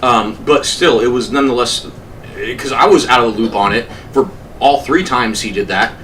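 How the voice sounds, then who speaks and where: A man casually telling a story on a podcast, animated, swearing and laughing as he talks. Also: medium pitch, moderate pace. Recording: distant mic with faint noise.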